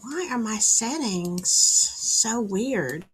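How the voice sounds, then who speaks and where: Southern female host, livestream hangout; bright, animated, slow-paced, sassy. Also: a little high, slightly rough. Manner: chatty, greets viewers by name, sassy asides. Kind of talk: casual livestream chat. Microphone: streaming setup, wired in.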